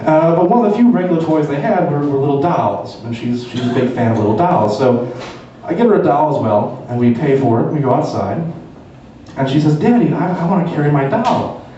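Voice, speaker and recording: A man's voice: medium pitch, fairly quick, warm tone, a little hiss or hum. A man doing a stand-up routine on a club stage, telling a story with lots of swearing. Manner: profane storytelling. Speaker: stand-up comedian. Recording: echoey, dull live club from far.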